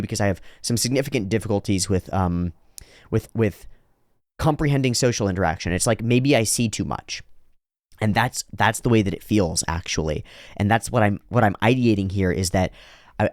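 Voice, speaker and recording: A man's voice: on the low side, no echo, clean studio sound. A man hosting an anime reaction, thinking aloud in rambling reflective commentary with frequent restarts. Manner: drops into slow exaggerated voices for quoted lines.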